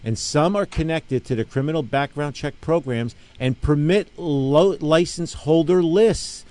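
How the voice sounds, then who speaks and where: Hosting his laid-back radio talk show, this middle-aged gun range owner has a higher, darkish voice and speaks a little slowly. His emphatic stories wander, full of restarts and repeated "okay?" check-ins.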